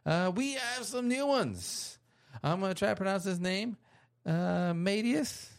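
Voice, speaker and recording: Gravelly-voiced playful podcast host. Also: mid-range voice, expressive, a little slow. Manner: playful, rambling, laughs easily. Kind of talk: casual podcast chat, reading listener reviews aloud.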